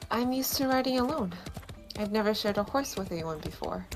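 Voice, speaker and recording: A woman reading the heroine's dialogue aloud on a game stream, with a steady, matter-of-fact delivery. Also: mid-range voice, brisk, faint music behind. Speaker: co-reader voicing the heroine's lines.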